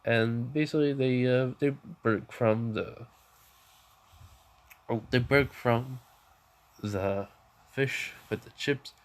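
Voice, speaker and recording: A man's voice: mid-range voice, fairly even intonation, slow, pauses often. A man tells a fan-made story off the cuff. He rambles, leans on filler words and often restarts his sentences. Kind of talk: casual improvised storytelling.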